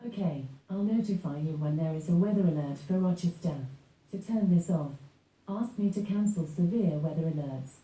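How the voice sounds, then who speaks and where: A female smart speaker voice answering questions in an even, polite, informative way. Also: lowish voice, normal speed, recorded from a distance. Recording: echoey room, heard from across it.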